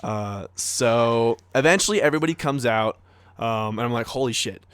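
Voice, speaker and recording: A man's voice: medium pitch, normal speed, a bit bright, clean tone, dry recording. A young man co-hosting a podcast, telling a story in a casual, rambling way full of fillers and acted-out quotes. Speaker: podcast co-host.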